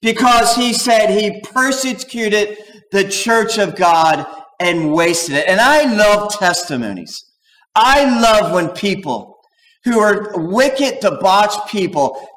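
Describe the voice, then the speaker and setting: A man preaching from the pulpit with a fairly high, lively voice that swings up and down. He talks in an animated, digressive way and acts out short quoted voices. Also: takes it slowly, poor audio. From United States. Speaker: pastor. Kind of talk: sermon.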